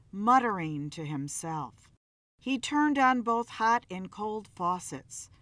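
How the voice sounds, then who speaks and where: Slow, measured woman storyteller. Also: medium pitch, fairly bright tone, dry recording. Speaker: narrator. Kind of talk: scripted horror story narration.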